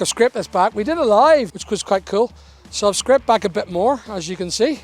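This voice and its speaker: A man's voice: sits high, expressive, moderate pace, music in the background. A man vlogging outdoors at a building site, chatty and explaining things as he goes, with teasing asides. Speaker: vlogger renovating a property. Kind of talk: casual walk-around vlog.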